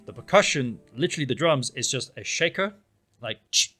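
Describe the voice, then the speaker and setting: Male podcast co-host, mid pitch, loose animated storyteller, faint music bed. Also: a little fast. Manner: rambling, animated storytelling with many fillers. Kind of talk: casual chat. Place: small town in Spain.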